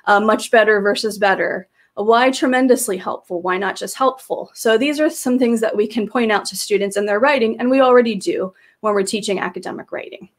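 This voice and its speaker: A woman's voice: medium pitch, fairly quick, few pauses. A woman presenting slides to teachers, explaining in a patient way with frequent fillers and restarts, speaking into a computer microphone on a video call. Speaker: teacher trainer presenting a webinar.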